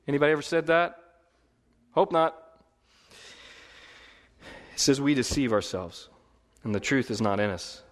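Lively preaching man in a reverberant hall. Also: on the high side. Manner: lively, conversational preaching with frequent laughs and emphatic repetition. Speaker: pastor. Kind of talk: sermon.

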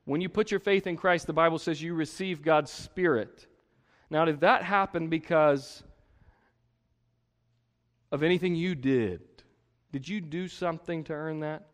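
A man preaching a sermon, full of rhetorical questions and sudden hushed emphasis. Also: on the high side. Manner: emphatic, rhetorical questions, drops to a hush for stress. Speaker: pastor. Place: church sanctuary. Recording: long hall reverb.

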